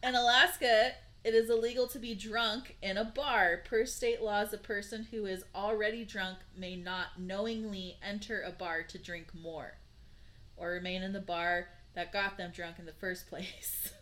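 Woman, podcast co-host, bright tone, casual reader who riffs and laughs between items. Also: medium pitch, fairly even intonation, unhurried. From Nevada. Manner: reads quotes then riffs with laughing asides. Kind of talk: casual chat, reading items aloud.

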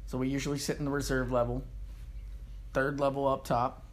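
A man's voice: mid-range voice, flat delivery, fairly quick. A man with a mid-range voice hosts a casual podcast. He sounds easygoing and teasing, and laughs often as he trades stories with his co-host. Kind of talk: casual chat.

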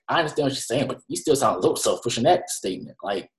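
A man's voice: mid-range voice, lively intonation, fast talker, few pauses. A man casually reviewing anime with a co-host, using slang and acting out his own reactions. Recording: echoey room.

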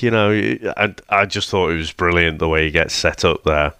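A man's voice: fairly low pitch, moderate pace, few pauses, a bit bright, clean tone, no echo, clean studio sound. A man, co-hosting a casual film review podcast, laughing often as he talks. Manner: chuckling, loose with fillers. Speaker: podcast co-host.

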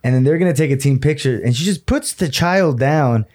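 A man's voice: medium pitch, lively intonation, a little fast, darkish tone. A man co-hosting a podcast who chats casually about fights, swears freely and slips words into his talk. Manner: swears a lot, drops into Spanish words. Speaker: podcast co-host.

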